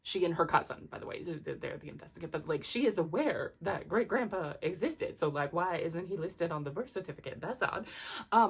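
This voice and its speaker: Gushy woman talking books, kinda husky, lowish voice, rambles a lot. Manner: chatty, enthusiastic, rambling with fillers. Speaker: book vlogger. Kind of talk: casual book review chat.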